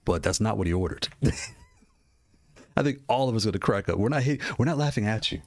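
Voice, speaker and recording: Laid-back low-voiced man reviewing gear. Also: expressive, normal speed, no room sound. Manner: rambling, repeats himself, laughs often. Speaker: gaming hardware streamer. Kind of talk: casual product commentary.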